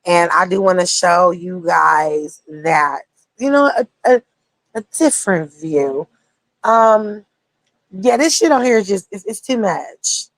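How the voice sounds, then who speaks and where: A woman's voice: fairly low pitch, expressive, slow pace, no room sound. A young woman talking casually on a livestream, blunt and profane, rambling between topics as a streamer.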